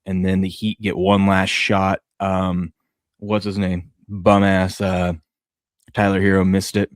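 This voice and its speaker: A man co-hosting a sports podcast, telling rambling, excitable stories in casual chat. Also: low-pitched, slow, no room sound, clean studio sound. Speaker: podcast co-host.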